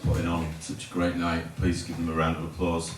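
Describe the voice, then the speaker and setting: A man's voice: sits low, monotone, fairly quick. A middle-aged man doing a stand-up set in a pub, rambling and stopping himself often before landing dry punchlines. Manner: rambling, self-interrupting delivery with dry punchlines. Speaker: stand-up comedian. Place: pub function room at a comedy night. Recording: echoey pub room, from a distance. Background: audience laughter and room noise.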